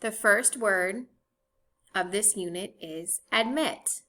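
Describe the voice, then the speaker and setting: A woman teacher giving a recorded phonics lesson, speaking clearly and spelling words out letter by letter. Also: medium pitch, slow pace, bright, forceful tone.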